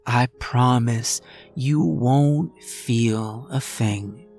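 A man's voice: mid-range voice, extremely slow, darkish tone, faint music behind. A man voicing a sweetly menacing female nurse who soothes and mocks her patient. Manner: soothing, mocking.

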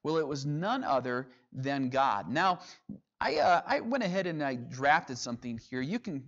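A man's voice: on the high side, fairly bright tone. A man teaching a sermon, reading scripture aloud and explaining it verse by verse. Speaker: preacher. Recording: dull lo-fi sound.

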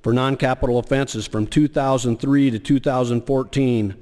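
A man's voice: medium pitch, steady tone, moderate pace, dark tone. A man, a state senator, giving a floor speech in a legislative chamber, hesitant with many fillers and restarts. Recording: long hall reverb.

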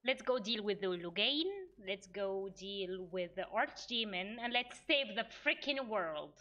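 A woman's voice: medium pitch, animated, unhurried, sharp tone, dull audio. A woman streaming a game, chatting playfully and talking to herself as she plays. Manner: playful, mock-outraged, talks to herself while playing. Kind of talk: casual gaming stream chat.

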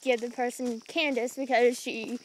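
A young woman with a high voice chats in an easygoing, agreeable way. She is walking outdoors after dark and recorded on a handheld phone. It is relaxed, unscripted conversation. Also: normal speed, slight background noise, rough recording. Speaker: vlogger. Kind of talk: casual chat while walking. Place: outdoors at night by a railway. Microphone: handheld phone camera.

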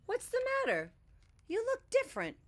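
Woman voicing storybook rabbit: small, kind, very high and sweet, concerned. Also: wildly swooping pitch, normal speed, heavily acted.

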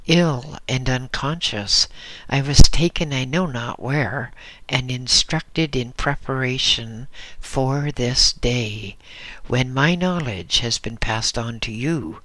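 A man voicing an ancient, blind male hermit, gentle and humble, with a dry, scarcely used voice and a measured, solemn, kindly way of speaking. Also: mid-range voice, no echo.

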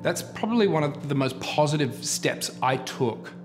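A man's voice: a little high, lively intonation, moderate pace. A man in his forties, a producer and advocate, candidly telling his personal story in an interview. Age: 40s. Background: music bed.

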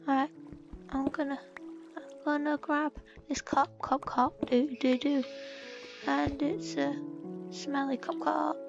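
A high-pitched British woman rambles playfully through a game, talking slowly with silly asides. The recording is a little dull and lo-fi, with faint game music underneath. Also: little pitch movement, gravelly. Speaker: gaming vlogger. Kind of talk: casual gameplay commentary.

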